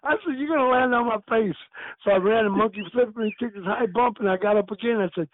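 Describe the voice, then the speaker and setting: An older man, once a pro wrestler, swaps stories in a casual chat, speaking fast in a high-pitched voice. He's animated, laughs often, and acts out what others said, all on a dry recording with narrow, tinny audio.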